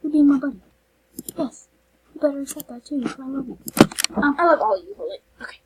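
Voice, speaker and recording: A woman hosts a casual game vlog, talking over her screen in a gushing, excitable way, saying "like" and "literally" constantly and dropping into sudden whispers. Her voice is high and a little fast, and the recording quality is low.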